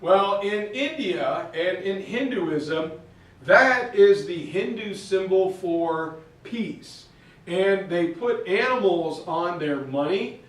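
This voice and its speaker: A male teacher giving a jokey, animated history lecture in a classroom, picked up by a distant camera mic. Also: sits high, takes it slowly. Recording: echoey classroom from far off.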